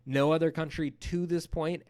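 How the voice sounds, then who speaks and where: A man's voice: on the high side, moderate pace. Man giving a casual history lecture. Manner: casual, animated storytelling with playful acted-out quotes. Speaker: history teacher. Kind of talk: recorded lecture.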